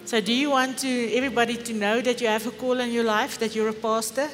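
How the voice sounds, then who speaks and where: A middle-aged woman pastor with an Afrikaans accent preaches a sermon in a fairly high voice, fervent and full of rhetorical questions. Her voice rings through an echoey church hall, with faint music underneath. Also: steady tone, quick pace.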